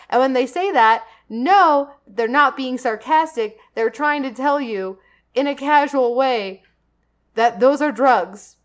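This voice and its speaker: Young woman, high voice, casual chat, profane, animated. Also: slow pace. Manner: animated, profane, laughs often.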